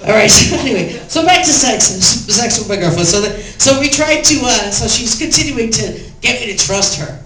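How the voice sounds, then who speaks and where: A woman's voice: fairly high pitch, expressive, moderate pace, hardly any pauses, music in the background. A tipsy woman doing a rambling, bawdy stand-up routine on a pub stage, often laughing at her own jokes. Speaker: stand-up comedian. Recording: echoey pub, distant camera, noisy.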